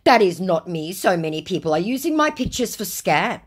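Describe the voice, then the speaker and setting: A woman voicing a pushy, dim male romance scammer in a slow, high, exaggerated way. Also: big pitch swings, husky. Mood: pompous.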